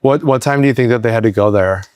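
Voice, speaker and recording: A man's voice: mid-range voice, quick pace, darkish tone, no room sound. A man interviewing a guest in a casual conversation, encouraging him with short affirmations.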